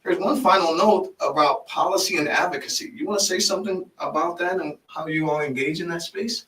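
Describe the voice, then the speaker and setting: A man hosting a podcast interview in a casual, animated way, often affirming his guest. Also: a little high, a little fast. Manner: animated, frequent affirming "mm-hmm", restarts when excited. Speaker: podcast host and life coach. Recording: echoey room, mic at a distance.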